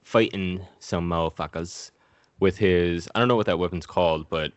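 Male host, low voice, dry close sound; crude comic movie recap, jumps into silly character voices. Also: moderate pace, no echo. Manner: profane, acts out characters in goofy voices. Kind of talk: casual comedic movie recap.

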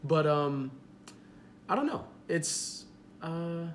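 A man's voice: fairly high pitch, lively intonation, drawn-out words, a little hiss or hum. A young man hosting a podcast in casual chat, rambling with many fillers and laughing easily. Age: young adult. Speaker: podcast host.

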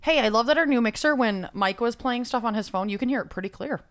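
A woman's voice: fairly high pitch, quick pace. A young woman co-hosting a podcast, joking and swearing a lot in casual chat. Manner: jokey, animated, swears a lot. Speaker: podcast co-host.

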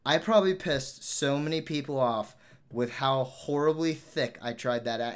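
A man's voice: medium pitch, normal speed, smooth. A young man hosting a podcast, signing off and giving a disclaimer in a profane, joking, rambling way. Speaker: podcast host. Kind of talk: casual podcast outro and disclaimer.

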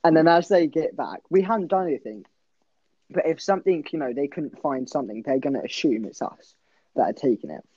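A man's voice: fairly high pitch, lively intonation, a little fast, dark tone, no echo. A young man co-hosting a podcast, telling a story in a rambling, laughing way with plenty of swearing. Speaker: podcast co-host. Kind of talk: casual storytelling chat. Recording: dull lo-fi dry sound.

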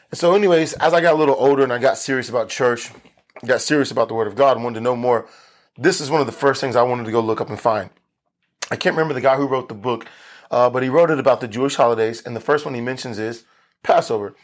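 Man preaching a casual sermon. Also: mid-range voice. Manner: conversational, repeats and restarts phrases, slows for emphasis.

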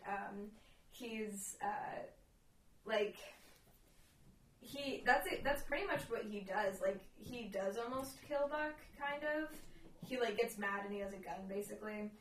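A young woman co-hosting a casual podcast chat at home, rambling and giggly with lots of "like" and "um", her voice going hoarse as she loses it. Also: mid-range voice, measured pace, distant mic. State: losing her voice. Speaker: podcast co-host. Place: room at home. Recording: roomy, off-mic, faint noise.

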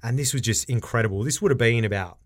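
A male podcast co-host chats casually, speaking quickly in a mid-range voice. He's animated, laughing often as he acts out quotes.

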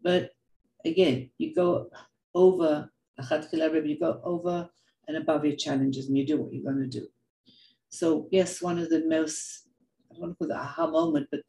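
An older woman giving a heartfelt personal talk, telling stories in an earnest, animated way and often repeating words. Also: sits low, reverberant, low-quality recording. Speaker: speaker sharing reflections.

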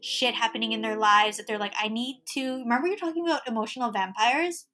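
A woman co-hosting a podcast in casual chat, reacting with quick interjections and sympathetic comments. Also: on the high side, sharp tone. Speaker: podcast co-host.

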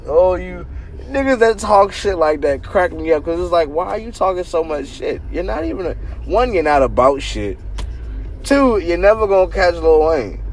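A man hosting a podcast, telling a story casually with lots of swearing and animated laughter. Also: high-pitched, normal speed, a little hiss or hum. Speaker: podcast host.

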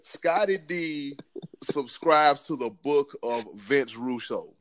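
A man's voice: medium pitch, takes it slowly, a bit bright, dry recording. A man hosting a casual sports podcast, hyped up, slangy and self-mocking. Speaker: podcast host.

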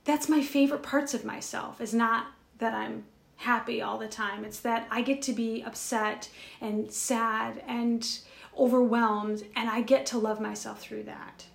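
On a spiritual chat show, a woman co-host recounts something personal in an earnest, rambling way full of restarts. Her voice is on the high side, steady in tone and a little slow, with vocal fry and a roomy sound.

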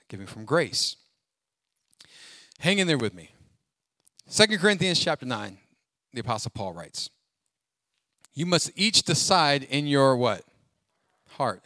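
A man preaching a sermon as pastor, animated and joking, calling on the congregation to finish his lines. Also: mid-range voice, no room sound. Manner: call-and-response preaching, asks congregation to fill in words; animated, jokes and laughs, sings snatches.

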